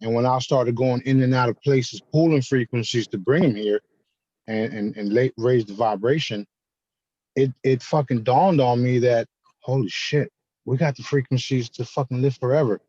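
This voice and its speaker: A man hosting a group call, casual and loud, laughing often and swearing a lot. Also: mid-range voice, fairly even intonation, normal speed, no room sound, lo-fi sound. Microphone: video call.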